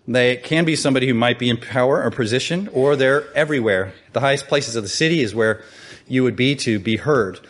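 Animated male preacher. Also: fairly quick. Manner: animated, rising pitch for emphasis and quoted calls; conversational, asks the listeners questions. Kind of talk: sermon.

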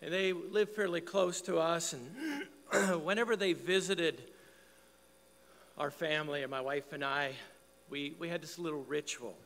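A man's voice: a little high, measured pace, fairly bright tone, big-room sound. An older man preaching a sermon in church, telling a folksy family story. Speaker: pastor.

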